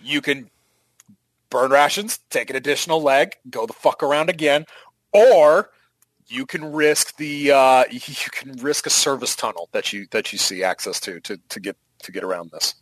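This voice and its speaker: A man's voice: mid-range voice, moderate pace, fairly bright tone, no echo, low-quality recording. A man running a tabletop game as game master, rambling and sarcastic, with casual swearing.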